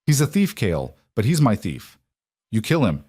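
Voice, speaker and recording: A man voicing a bold, sharp-tongued young woman in an audiobook, shrieking and hissing her lines. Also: fairly low pitch, huge pitch swings, moderate pace, slightly rough, full character voice. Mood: furious. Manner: shrieking, biting, then hissing. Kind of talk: audiobook character voice.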